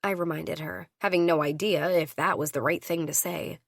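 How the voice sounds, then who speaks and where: A woman reading a first-person audiobook, voicing each character with her own shifts in pitch. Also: steady tone, normal speed, gravelly, no room sound. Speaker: audiobook narrator.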